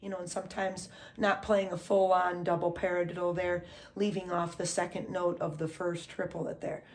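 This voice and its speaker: A woman's voice: lowish voice, flat delivery, normal speed. A woman teaching drums in a casual way, often checking in with "okay?" and counting beats aloud. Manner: counts aloud loudly over drumming, says "okay?" often. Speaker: drum teacher. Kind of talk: casual instructional talk. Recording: drums playing under the voice.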